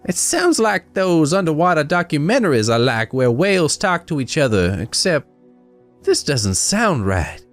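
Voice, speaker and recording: A man putting on a folksy country mom, high and airy. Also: big pitch swings, normal speed, faint music behind. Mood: puzzled. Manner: plainspoken, folksy phrasing. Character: rural Midwestern mother, folksy.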